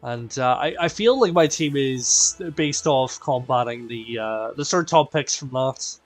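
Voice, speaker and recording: A man's voice: medium pitch, measured pace. A man hosting a live stream, chatting playfully with his viewers. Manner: animated and playful, addressing chat as "people". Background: faint game music.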